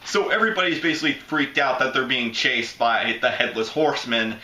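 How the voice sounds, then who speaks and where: A man's voice: mid-range voice, expressive, brisk, bright, forceful tone. A man from Florida with a Southern accent, chatting casually through a movie review and breaking into goofy voices. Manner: chatty, jumps into goofy impressions. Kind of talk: casual video commentary. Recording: echoey room.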